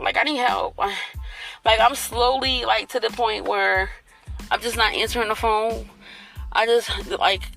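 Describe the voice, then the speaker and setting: A woman in her late thirties telling a storytime rant to her viewers, blunt, profane and animated. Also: on the high side. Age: late 30s. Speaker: vlogger.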